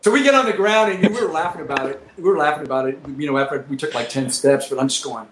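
Ex-pilot guy spinning crude war stories, voice a little high, roomy echo. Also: quick pace, a crowd in the background. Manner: profane, animated, acts out quotes. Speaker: former military pilot telling war stories. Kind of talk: casual storytelling chat. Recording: echoey room with faint noise.

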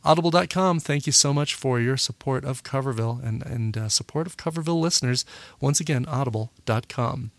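A man hosting a music podcast in a relaxed, casual way, often pausing with "uh" and correcting himself. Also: mid-range voice, no echo. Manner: relaxed, full of "uh" fillers and self-corrections. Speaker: podcast host. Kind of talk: casual radio-style podcast chat.

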